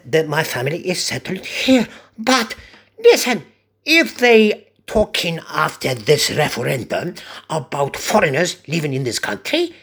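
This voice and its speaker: A man's voice: a little high, a bit bright, breathy edge. An older man from Cyprus, a barber, chatting in a rambling monologue and chuckling often. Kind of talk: casual monologue.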